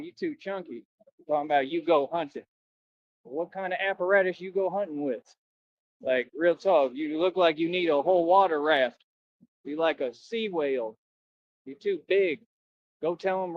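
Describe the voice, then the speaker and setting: Man ranting on a stream, boastful, slangy, combative, raised pitch, dull dry lo-fi audio. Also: normal speed, no room sound. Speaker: former nightclub bouncer. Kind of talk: rambling livestream rant.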